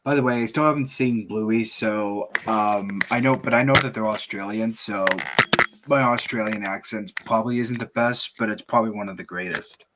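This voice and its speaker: A man's voice: on the low side, heavy background noise. A man hosting an online show, chatting casually and reading fan fiction, hesitant, with many fillers. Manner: slow, hesitant, lots of ums. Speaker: show host. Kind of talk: casual chat and story reading.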